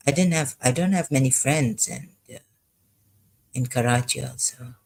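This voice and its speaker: A frightened vlogger, telling a personal story in a hesitant, halting way full of pauses and false starts. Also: mid-range voice, gravelly, darkish tone, rough recording. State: frightened, unsettled. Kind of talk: personal confessional monologue.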